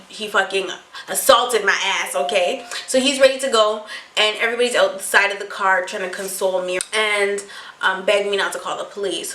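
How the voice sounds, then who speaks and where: A young adult woman telling a storytime vlog to her viewers, animated and full of swearing. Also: medium pitch, roomy sound, rough recording. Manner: animated, profane storytelling, often addressing viewers. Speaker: vlogger.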